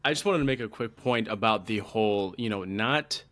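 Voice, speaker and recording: A man's voice: on the low side, normal speed, a bit bright. A man co-hosting a podcast, chatting in an enthusiastic, conversational way. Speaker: podcast co-host. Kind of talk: casual podcast chat.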